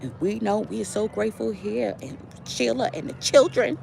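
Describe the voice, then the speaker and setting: A woman's voice: medium pitch, lively intonation, normal speed, gravelly, background noise, pitched above the performer's own voice. A woman voicing an elderly churchgoing woman with a Southern country twang, loving and scolding. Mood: prayerful.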